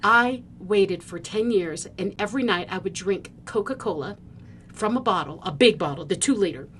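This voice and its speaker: A woman from the Philippines, a podcast host, telling a personal story in an animated way and acting out the scenes. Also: mid-range voice, normal speed, a little hiss or hum. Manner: vivid storyteller who acts out the scenes.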